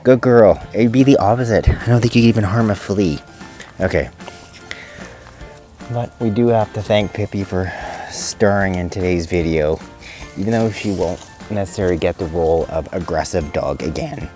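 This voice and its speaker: A man's voice: low-pitched, moderate pace, mellow, faint music behind. A middle-aged male veterinarian giving casual spoken advice, chatty and rambling, with lots of fillers and restarts.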